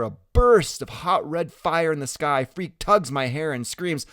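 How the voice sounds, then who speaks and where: A man reads a first-person audiobook with bright, ringing tone and a voice that swings widely up and down. His telling is animated and expressive, recorded close and dry. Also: a little high, unhurried, hardly any pauses, no echo. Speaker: audiobook narrator.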